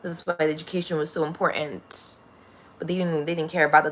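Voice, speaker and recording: A woman's voice: on the low side, lively intonation, normal speed, fairly bright tone. A woman. She rambles, swears freely and breaks into laughter often. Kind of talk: casual spiritual monologue.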